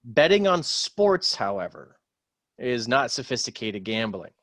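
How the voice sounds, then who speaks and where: Co-host, man, mid-pitched, rambling folksy talker, dry room. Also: very animated, a little slow, a bit bright, no echo. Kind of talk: casual chat.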